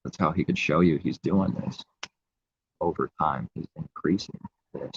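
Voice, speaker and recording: A man's voice: a bass voice, moderate pace, creaky, muffled recording, slight background noise. A man giving an informal, rambling sermon in a conversational way. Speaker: preacher. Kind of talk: informal live-stream sermon.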